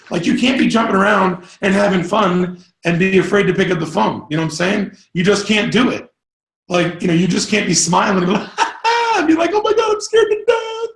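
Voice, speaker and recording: An energetic male sales coach talks to a live group in a rambling way, now and then breaking into loud whoops. His voice sits fairly high for a man. The sound bounces around an echoey room.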